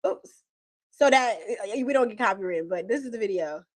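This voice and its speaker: A woman's voice: medium pitch, animated, normal speed. A woman hosting a casual live stream, chatting straight to her viewers and laughing often. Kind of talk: casual chat.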